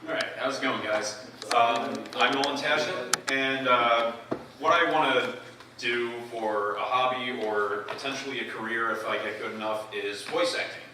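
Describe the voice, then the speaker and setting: A man's voice: mid-range voice, normal speed, background noise. A young man talking casually and hesitantly to an open mic audience. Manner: hesitant, filler-heavy. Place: open mic event, indoor hall. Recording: echoey hall, mic far off.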